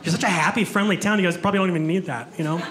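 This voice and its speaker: A man with a high voice doing stand-up in a club, joking about himself and bantering with the audience. The live recording carries a clear hum of room noise behind his handheld mic. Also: rapid-fire. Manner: chatty, self-mocking, talks with the crowd. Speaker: stand-up comedian. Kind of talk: stand-up comedy set. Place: comedy club stage before a live audience.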